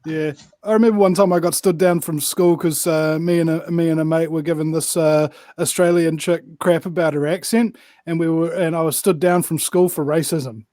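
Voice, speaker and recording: High-voiced New man, dry sound. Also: fairly even intonation, normal speed, hardly any pauses, warm tone, dry recording. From New Zealand. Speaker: guest. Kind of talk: casual chat.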